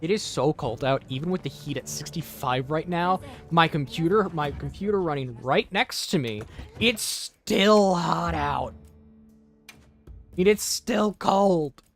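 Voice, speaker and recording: A man streaming a video game, talking casually to himself and his chat, jumping from mumbles to loud shouts. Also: fairly high pitch, measured pace. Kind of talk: casual gameplay commentary. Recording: game music playing behind the voice. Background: game music.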